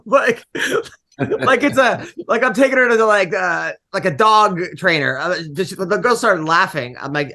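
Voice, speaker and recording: Middle-aged comic host, high bright voice, rambling animated storyteller on a podcast. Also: male voice, normal speed. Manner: animated, rambling, laughs often. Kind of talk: casual podcast chat, storytelling.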